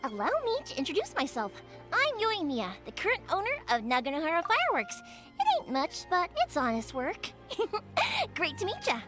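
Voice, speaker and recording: An actress playing a cheerful young fireworks shop owner in a game, bubbly and giggly. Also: female voice, very high voice, wildly swooping pitch, moderate pace, bright, forceful tone, soft background music, exaggerated voice. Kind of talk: game cutscene dialogue.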